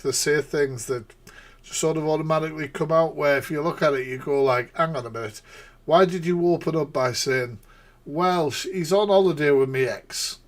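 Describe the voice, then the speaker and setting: A man hosting a live reaction stream, rambling and laughing, with sarcastic asides. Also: a little high. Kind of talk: casual live-stream commentary.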